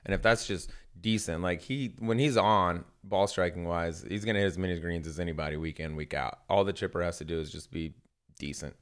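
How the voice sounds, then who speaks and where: A man co-hosting a podcast in casual chat, animated and jokey, swearing freely as he tells stories. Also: low-pitched, a little fast, clean tone. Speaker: podcast co-host.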